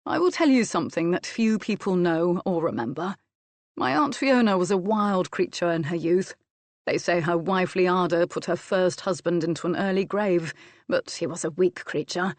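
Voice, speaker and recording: A stern Scottish earl who lectures but softens into fondness, as a woman narrator gives him voice. The delivery is firm and measured, with no attempt at a deep male register. The recording is dry and close. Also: animated, dry recording, natural voice. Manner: firm, scolding, then teasing.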